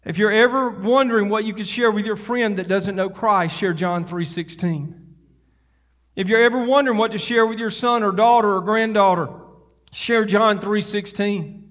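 A man's voice: high-pitched, moderate pace, fairly bright tone, big-room sound. A male pastor preaching a fervent sermon to his congregation, building up to hollering. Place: church sanctuary.

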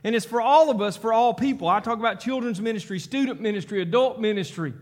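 A male pastor delivers a sermon. His voice sits high for a man and climbs into fervent, near-shouted emphasis as he reads scripture and exhorts the congregation. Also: fast talker, few pauses.

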